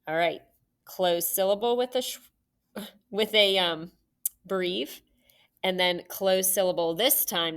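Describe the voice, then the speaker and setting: Slow, patient teacher, bright-voiced woman. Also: on the low side. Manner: patient, slow, encouraging, sounding out letters. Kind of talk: recorded phonics lesson for children.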